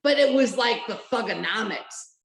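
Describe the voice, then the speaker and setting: A woman guest on a podcast, telling wrestling memories in an excited, rambling way and swearing now and then. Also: a little high, normal speed, a little hiss or hum. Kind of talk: casual podcast chat. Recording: roomy echo.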